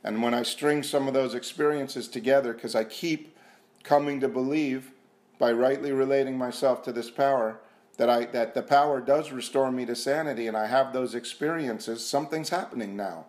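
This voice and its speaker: Guy sharing his story at a meeting, earnest and repetitive, pokes fun at himself, goes quiet sometimes. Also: mid-range voice, fairly even intonation, moderate pace. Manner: earnest, repetitive, self-mocking, drops to a hushed voice for prayer. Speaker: speaker sharing at a recovery meeting. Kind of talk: personal testimony talk. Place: meeting room.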